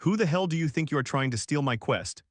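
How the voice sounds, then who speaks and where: A man's voice: on the high side, animated, quick pace, dry recording, clean studio sound, natural voice. A man reading a brash, cocky young gamer. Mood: scornful. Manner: brash, insulting, boastful.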